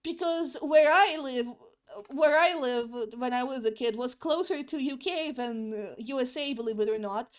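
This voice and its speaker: High-voiced rambling young woman streamer. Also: moderate pace, smooth. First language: not English. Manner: rambling, repeats herself, swears casually. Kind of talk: casual chat while drawing.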